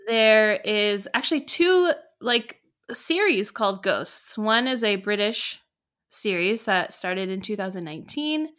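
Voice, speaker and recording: A woman's voice: medium pitch, animated, unhurried, fairly bright tone. A woman co-hosting a podcast, chatting casually with many fillers and reading show blurbs aloud. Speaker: podcast co-host. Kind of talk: casual chat.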